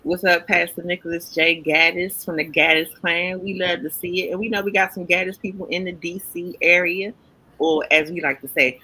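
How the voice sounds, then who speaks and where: A man's voice: high voice, level tone, moderate pace, sharp tone, breathy edge, low-quality recording. A man from Washington, D.C., with a local accent, co-hosting a casual livestream talk show and greeting viewers in the chat with slang.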